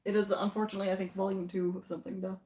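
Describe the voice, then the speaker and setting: A woman's voice: mid-range voice, little pitch movement, very fast, dark tone. A woman co-hosting a livestream, chatting drily and reading out viewer comments. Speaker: livestream co-host. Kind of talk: casual unboxing chat. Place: home basement. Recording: echoey room with clear background noise.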